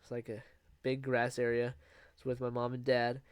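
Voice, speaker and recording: A man's voice: mid-range voice, completely flat delivery, normal speed, clean tone, no room sound. Keep it loose and rambling, a young man telling his own story in a dry, close room. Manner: rambling, with fillers and restarts, laughing at himself. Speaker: vlogger. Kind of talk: casual storytelling.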